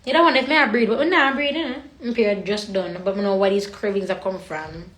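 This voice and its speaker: A woman's voice: medium pitch, fairly quick, fairly bright tone, echoey room. A young woman with a Jamaican accent, chatting casually to viewers on a livestream from her phone and slipping into patois. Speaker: livestream host.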